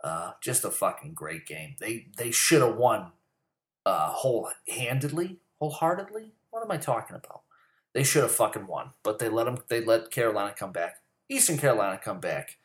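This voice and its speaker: A man's voice: fairly low pitch, echoey room. A man giving a heated, profane, rambling monologue about sports. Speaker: sports commentary host. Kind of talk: profane casual sports rant.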